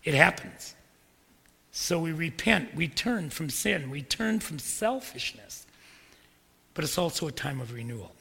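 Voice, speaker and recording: A man preaching a sermon as pastor, emphatic and repetitive, building up to forceful peaks. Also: on the high side, expressive, unhurried, creaky, breathy edge, long reverb tail.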